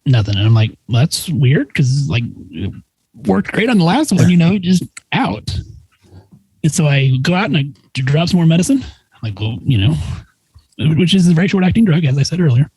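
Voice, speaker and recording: A man with a fairly high, husky voice tells a story in a relaxed, chatty way, slipping into the voices of the people he quotes. His sound is dry and close, with no room around it. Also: brisk, dry recording, poor audio. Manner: animated, acts out quoted voices. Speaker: nurse practitioner guest. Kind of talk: casual storytelling.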